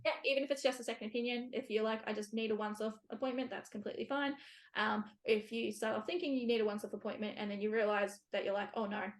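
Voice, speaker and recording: A woman's voice: fairly high pitch, fairly even intonation, fast. Chatty woman podcast host. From Australia. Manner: chatty, laughs easily, many fillers. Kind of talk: casual podcast conversation.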